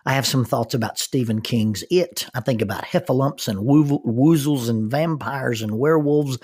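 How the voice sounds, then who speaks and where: Husky man telling a folksy story. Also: medium pitch, a little mellow. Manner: folksy, self-mocking, shifts pace for effect. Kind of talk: casual personal storytelling.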